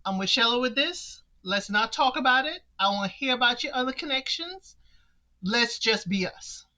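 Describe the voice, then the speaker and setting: A woman hosting a casual reality-show recap, animated and talking straight to the people on the show. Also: a little high, moderate pace, low-quality recording. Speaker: recap podcast host.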